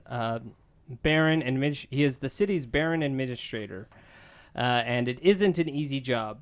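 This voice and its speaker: A man's voice: medium pitch, clear, resonant tone. A man casually reading a gamebook aloud to friends, with frequent filler sounds between sentences. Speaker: reader of a gamebook.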